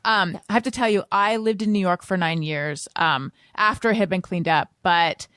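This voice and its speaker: A woman hosting a conversational podcast, her voice pitched fairly low for a woman. She speaks reflectively and often murmurs agreement as her guest talks. The sound is close and dry. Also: moderate pace, fairly bright tone, dry recording. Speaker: podcast host. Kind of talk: casual interview.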